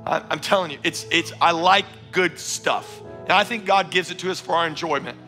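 A man preaching a sermon as pastor, energetic and emphatic, often repeating phrases for stress. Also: fairly high pitch, moderate pace, faint music behind. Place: church auditorium.

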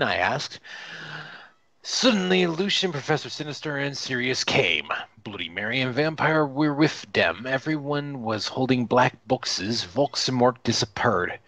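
A man's voice: mid-range voice, animated, measured pace, pushed and bright. A man doing a comedic reading of a bad fanfic, stumbling over words and swearing in exasperation. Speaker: reader.

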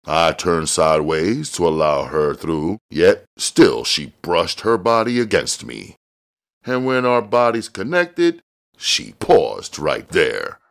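A man's voice: low voice, sing-song, slow pace, gravelly. A man reading a novel aloud in first person, telling the story expressively with casual swearing. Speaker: audiobook reader.

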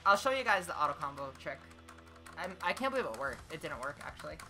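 A woman streaming a fighting game, talking to herself, swearing, and swinging from low mutters to excited yelling. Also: fast talker. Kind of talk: casual gameplay commentary. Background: game music.

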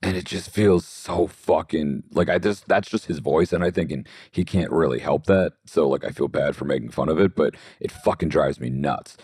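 A man's voice: a bass voice, normal speed, few pauses, darkish tone, husky, dry recording, clean studio sound. A man co-hosting a podcast, giving blunt, profane opinions in casual chat. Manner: blunt, swears freely. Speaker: podcast co-host. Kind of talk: casual film review chat.

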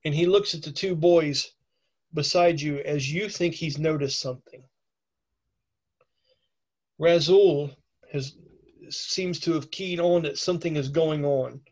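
Guy running a tabletop game with a cold, chatty, slightly high voice. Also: measured pace, long pauses, highs cut off. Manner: chatty, with many fillers and okays. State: has a cold. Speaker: game master.

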